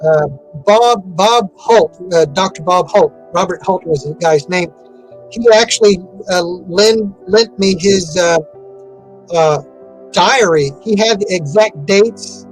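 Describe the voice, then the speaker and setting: A man's voice: sits high, takes it slowly, soft background music, rough recording. A man giving an interview in a casual, rambling way, with many fillers and restarts. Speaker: interview guest.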